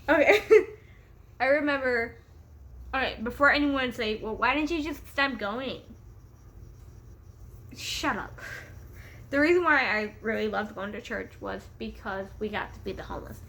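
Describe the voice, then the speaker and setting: There's a faint hiss or hum under this young woman's fairly high, slightly bright voice as she tells a story in her casual vlog. Wired on caffeine in a home room with a pet bird, she's giggly and profane, rambling and easily distracted, laughing often.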